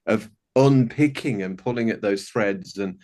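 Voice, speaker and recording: Fifties man, video call from home, warm rambling storyteller, frequent restarts. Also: fairly low pitch, a little slow. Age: 50s. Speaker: participant sharing a story. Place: home bedroom.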